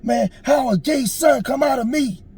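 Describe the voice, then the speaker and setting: A man's voice: on the high side, steady tone, fairly quick, gravelly, dark tone, faint music behind. A man voicing his distraught friend, a father torn over his son, speaking in pleading, anguished outbursts.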